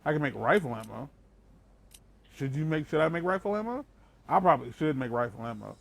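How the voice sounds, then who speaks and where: Young male let's play host, gravelly and chatty, rambling commentary while gaming. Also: fairly high pitch, animated, fairly quick. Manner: chatty and rambling, swears casually.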